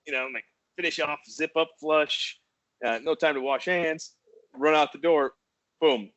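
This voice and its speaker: A man's voice: fairly high pitch, normal speed, no echo. A man co-hosting a podcast, telling a story in a casual, swearing way and acting out the people in it. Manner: swearing, animated, acts out voices in his stories. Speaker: podcast co-host. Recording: dry, dull lo-fi sound.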